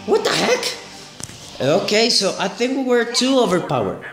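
A man hosting a gaming channel, commenting excitedly on a mobile game, exclaiming and repeating his phrases. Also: high-pitched, normal speed, reverberant, over music.

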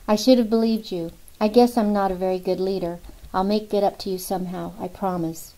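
A woman's voice: medium pitch, fairly even intonation, brisk, warm tone, lightly acted, low-quality recording. A woman reading the part of a protective male FBI team leader in an audiobook, earnest and close to tears. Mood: remorseful. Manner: earnest, tearful at times.

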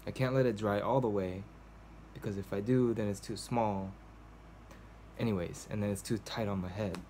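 The vlogger, a man filming a casual journal in a cold indoor home, rambles hesitantly to the camera with many fillers and restarts. He speaks at a moderate pace in a lowish, steady, warm voice, with a little hiss or hum audible.

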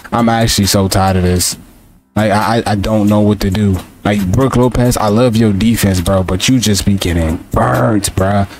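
A young man with a fairly low voice calls out his moves and vents about his game as he plays. He repeats himself a lot and talks straight to his viewers. Faint game music plays underneath. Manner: frustrated, repetitive, talks to his players and viewers. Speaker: gaming streamer. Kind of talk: live gameplay commentary.

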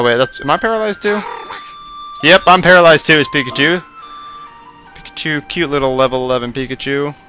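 A young man giving casual, rambling commentary over a video game, his voice strained and worn out, bursting into excited shouts. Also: fairly high pitch. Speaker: gaming commentator.

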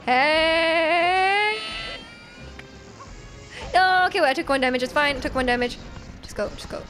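A young woman live-streaming a video game, giggling, reacting excitedly and teasing her chat as she plays. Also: high-pitched, a little slow. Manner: reads chat aloud and teases viewers. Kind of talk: casual live game stream, chatting with viewers. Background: faint game music.

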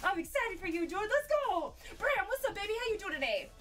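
Bubbly high-pitched woman streamer. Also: sing-song, fairly quick, a bit bright, soft background music. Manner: bubbly, giggly, greets viewers as baby and dude. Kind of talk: casual live-stream chat with viewers.

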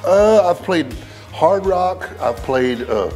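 A man's voice: high-pitched, expressive, takes it slowly, darkish tone. A man telling loose, laughing stories and swearing freely as a guest, chatting casually while playing golf outdoors. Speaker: country singer, interview guest. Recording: faint music under the talk.

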